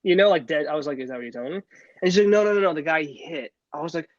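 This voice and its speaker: A young man talks in quick bursts as a podcast co-host, tripping over restarts and fillers. His voice sits a little high, and the audio is dull and dry, like a lo-fi recording. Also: lively intonation, no room sound. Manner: rambling, many restarts and fillers. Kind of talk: casual chat.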